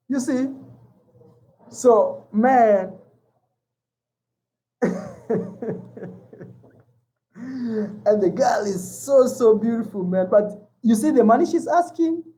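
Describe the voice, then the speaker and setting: A man's voice: very high voice, lively intonation, slow pace, pauses often, warm tone, low-quality recording. A man from Kenya with a Kenyan accent, talking casually to his viewers as a travel vlogger, often repeating himself and calling them "man". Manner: chatty, repeats words, calls viewers 'man'. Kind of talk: casual vlog chat to viewers.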